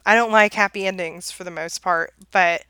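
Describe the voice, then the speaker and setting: A woman's voice: lowish voice, steady tone, moderate pace, bright, forceful tone, clean tone, no echo. A woman chatting casually as a podcast co-host, laughing often and trailing off into fillers while she tells stories. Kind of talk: casual chat.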